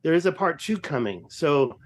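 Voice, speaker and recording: A man's voice: on the high side, big pitch swings, moderate pace. A man in his fifties, a guest explorer on a podcast, chatting casually in a joking, rambling, self-deprecating way. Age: 50s.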